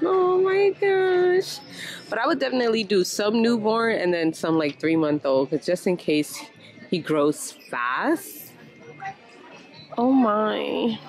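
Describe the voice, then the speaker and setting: With background music behind her, a woman holds the camera and chats to her viewers as she shops in a big store, exclaiming frequently in a casual vlog. Her voice sits on the high side with a darkish tone.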